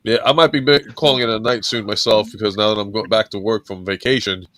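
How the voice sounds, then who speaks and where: A man's voice: on the low side, fairly even intonation, quick pace, fairly bright tone, no echo. A man hosting a casual livestream chat, friendly and chummy, calling his guests brother.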